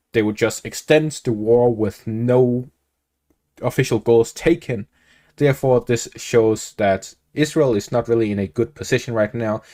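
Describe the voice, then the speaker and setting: A man delivering a spoken news analysis update in a steady, measured way. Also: lowish voice. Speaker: news commentator.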